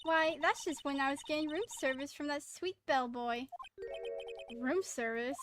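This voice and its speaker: A woman's voice: high voice, normal speed, over music, lightly acted. A woman voicing a haughty, snippy young witness. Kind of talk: reading game dialogue aloud.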